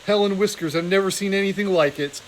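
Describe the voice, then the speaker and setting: A man reading aloud, voicing a weary, gruff female badger who fought in a battle. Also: sits high, fast talker, a little hiss or hum, natural voice, low-quality recording.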